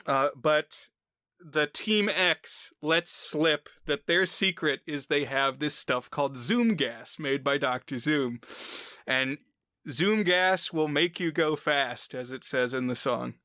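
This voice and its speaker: Man, bright tone, smooth clear voice, dry close mic, casual rambling podcast chat. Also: a little high, slow pace, dry recording. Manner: rambling, filler-heavy explaining. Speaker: podcast co-host.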